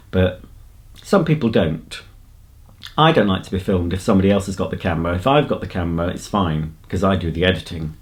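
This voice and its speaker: Brief: lower-pitched English man, chatty rambling vlogger. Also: a little mellow. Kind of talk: casual vlog chat. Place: outdoors on a countryside path.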